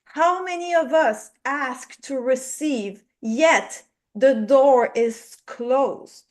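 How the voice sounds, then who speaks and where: A woman's voice: high voice, very slow. A woman from Quebec with a French-Canadian accent, a trading psychology coach speaking reflectively on a live show. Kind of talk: live show guest talk.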